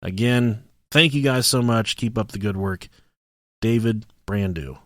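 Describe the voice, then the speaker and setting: A man's voice: lowish voice, a little slow, no echo, clean studio sound. A man co-hosting a podcast, reading listener emails aloud and cracking crude jokes between them. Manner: crude joking, mocking voices when quoting people. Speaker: podcast co-host.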